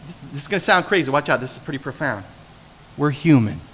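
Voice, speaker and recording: A man from New Jersey preaching a sermon as pastor, telling animated stories and putting questions to the congregation. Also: medium pitch, fast talker, slight background noise.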